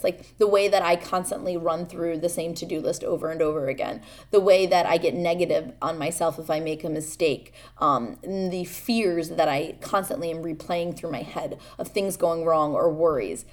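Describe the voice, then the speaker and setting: Halting, earnest young mom host. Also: female voice, lowish voice. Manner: candid and halting, with many fillers and restarts; earnest and vulnerable. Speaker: podcast host. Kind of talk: personal confessional talk.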